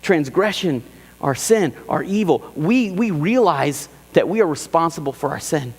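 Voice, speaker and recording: A male pastor preaching a sermon in a church, animated and emphatic, repeating key phrases and acting out quoted lines. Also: a little high, moderate pace, husky, big-room sound. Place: church sanctuary.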